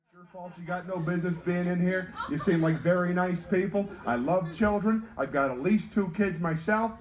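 A man's voice: sits high, moderate pace. A man from North Carolina doing stand-up comedy and playful crowd work.

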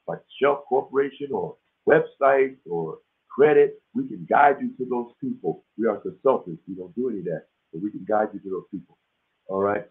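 A man hosting a webinar in a casual, lively way, acting out the voices in the stories he tells. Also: medium pitch. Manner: animated storytelling, acts out quoted dialogue. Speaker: webinar host. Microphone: video call. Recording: tinny phone-like audio.

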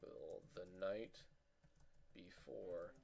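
A young man swearing and ranting furiously as he comments on his own gameplay, breaking into shouted insults. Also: deep voice, very slow, gravelly. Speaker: gaming channel host.

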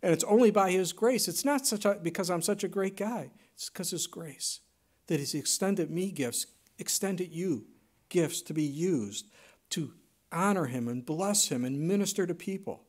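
Male pastor, high voice, sermon delivery, dramatic loud-to-hushed contrasts. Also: normal speed. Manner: dramatic swings from loud emphasis to hushed near-whisper.

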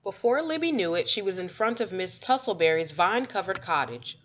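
Lively woman reading a children's story. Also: on the low side, fairly quick. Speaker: storybook reader. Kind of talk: children's story read aloud. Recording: dull lo-fi recording.

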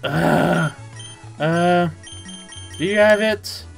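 A young adult streamer giving casual, excitable commentary while gaming, swearing, laughing often and stammering. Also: medium pitch, drawn-out words, creaky, faint music behind.

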